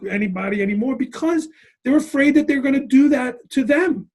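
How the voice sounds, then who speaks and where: A man's voice: very high-pitched, fairly quick. A middle-aged man, a school principal and author, telling stories in a conversational interview and often checking in with "right?". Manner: animated, tags lines with "right?" and "like".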